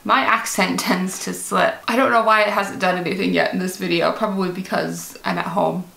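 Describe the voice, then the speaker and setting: A woman's voice: lowish voice, fairly even intonation, moderate pace, creaky, a bit bright, reverberant. A woman from Michigan with a Midwestern American accent that drifts a little British, chatting casually to camera at home, self-amused and laughing often, with plenty of ums. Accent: Michigan Midwestern American, partly drifting British. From Michigan, USA. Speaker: vlogger.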